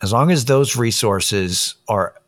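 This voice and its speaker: A man's voice: fairly low pitch, animated, slow. A man talking in a casual monologue, blunt, opinionated and profane as he tells a story and gives his views.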